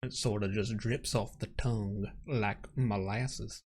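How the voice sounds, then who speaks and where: A man doing a folksy Southern gentleman with a Savannah accent, drawling slowly and lazily. The voice sits a bit lower and quieter than his usual talk, heard from a little off the mic. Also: fairly even intonation. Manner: slow, lazy drawl.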